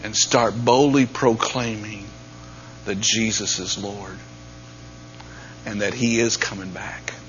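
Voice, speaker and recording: A man preaching a sermon, dropping to near-whispers and then rising to loud, emphatic peaks. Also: on the low side, fairly even intonation, takes it slowly, pauses often. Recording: dull lo-fi sound with faint mains hum.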